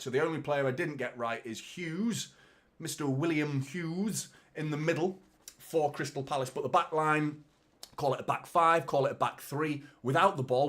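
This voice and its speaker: A man's voice: mid-range voice, fairly bright tone. Guy running a live football watchalong, chatty, swears a bit, talks to chat like mates. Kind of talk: casual live-stream chat.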